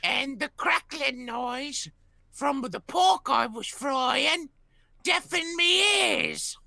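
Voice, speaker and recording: A player voicing a bumbling male royal cook in a rough, folksy put-on voice, in a tabletop game. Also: very high-pitched, expressive, slow pace, sharp tone, no echo, heavily acted. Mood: loud. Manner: rough folksy drawl, says "me ears".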